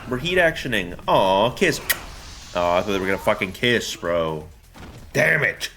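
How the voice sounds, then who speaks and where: A fairly low-voiced man talking over his gameplay in a loose, rambling way, cracking jokes and swearing freely. A faint hum of room noise sits under the voice. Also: big pitch swings, a little slow, fairly bright tone. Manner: joking, profane, rambling. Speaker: streamer. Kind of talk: casual gameplay commentary.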